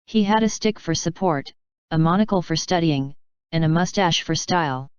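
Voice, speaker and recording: A woman's voice: on the low side, moderate pace, smooth, no echo. A woman narrating a first-person thriller audiobook in a wry, conversational way, on dull audio.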